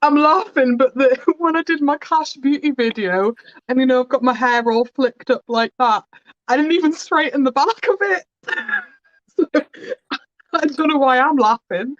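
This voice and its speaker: A woman's voice: high-pitched, normal speed, no room sound. A woman, a guest on a makeup livestream, chatting casually and laughing at herself. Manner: giggly, self-deprecating. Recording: dull, dry video-call audio.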